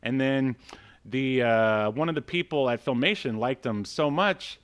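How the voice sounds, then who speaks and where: A man's voice: medium pitch, measured pace, smooth. A man hosting a casual podcast, rambling with many fillers and laughing often as he reads credits aloud. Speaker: podcast host.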